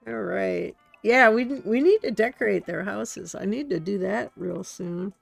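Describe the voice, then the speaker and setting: Brief: easygoing woman game streamer, gravelly voice, slow chatty delivery. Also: mid-range voice, dry recording, soft background music. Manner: chatty, giggly, talks to her viewers. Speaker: streamer, host. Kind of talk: relaxed gameplay commentary.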